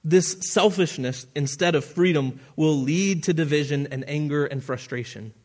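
A man's voice: on the high side, moderate pace. A man preaching a sermon as pastor, earnest and often restarting his phrases, with the odd chuckle at his own asides.

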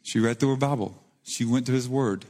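A male pastor with a dark-toned, mid-range voice preaches briskly, earnest yet conversational. Key points get rising emphasis, and the recording carries the long reverb of a church hall.

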